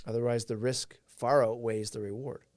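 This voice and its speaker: A man's voice: mid-range voice, little pitch movement, moderate pace, slight background noise. A man whose first language is Portuguese, hosting a live stream and giving an earnest, reflective motivational talk while answering viewers' comments.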